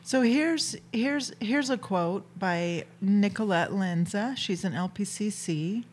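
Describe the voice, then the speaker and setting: A woman's voice: medium pitch, slow pace, a little hiss or hum. Woman cohosting a podcast, bubbly, laughs a lot, chatty. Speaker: podcast co-host. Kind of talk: casual chat.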